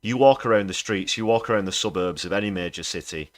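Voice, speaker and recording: Brief: low-pitched male host, angry political commentary. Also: quick pace. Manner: indignant, ranting. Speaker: livestream host.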